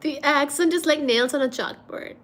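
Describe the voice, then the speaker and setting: A woman hosting a casual livestream, reading out and thanking viewers' comments, with frequent laughs and throat-clearing. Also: sits high, moderate pace, a bit bright. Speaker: livestream host.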